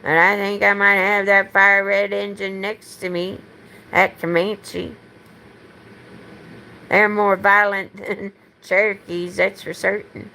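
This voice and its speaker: A woman's voice: medium pitch, level tone, sharp tone, slight background noise, poor audio. A woman, talking in a blunt, meandering monologue. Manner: slow and meandering, blunt, gravelly. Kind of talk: rambling monologue.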